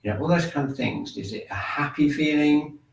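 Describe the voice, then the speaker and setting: A man teaching a shiatsu and qi gong class, talking students through breathing and tapping with calm, gentle prompts. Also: on the high side, fairly quick, creaky, a little hiss or hum. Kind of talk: guided exercise class. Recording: echoey room, mic at a distance.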